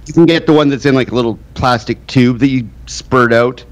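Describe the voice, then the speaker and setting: A man's voice: mid-range voice, a little fast. Swearing, teasing man on a podcast. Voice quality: swears freely, teasing, laughs often. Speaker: podcast co-host. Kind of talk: casual profane chat.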